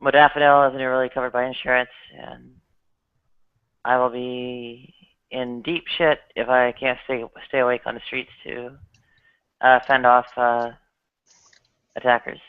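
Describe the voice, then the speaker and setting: A man speaking in a weary, halting way during a casual group chat on a video call. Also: medium pitch, flat delivery, smooth. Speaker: participant in an online chat. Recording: tinny phone-like call line.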